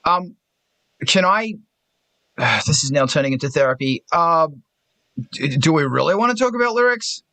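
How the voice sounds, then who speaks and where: A man on a video call talks in a bright, forceful voice that sits a little high for a man. His talk is blunt and full of swearing, and it rambles through self-mocking asides. The sound is dry and close, with no room echo. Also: lively intonation, moderate pace, pauses often. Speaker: host of artists' talk stream. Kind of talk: casual group video chat.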